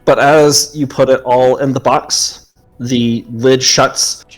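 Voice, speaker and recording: A man narrating a tabletop game as game master, describing scenes in a relaxed way with frequent ums. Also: mid-range voice, takes it slowly, soft background music.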